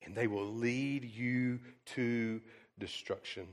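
Guy pastor giving a sermon, gets loud then quiet, lots of ums, long echo like a big church. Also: mid-range voice, slow. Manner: animated storytelling, swings from hushed to loud; frequent "um" fillers and restarts.

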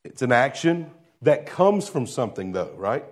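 With wide swings in pitch and a normal speaking speed, a male pastor preaches conversationally. He asks the congregation rhetorical questions, and key phrases come out in a soft, low voice.

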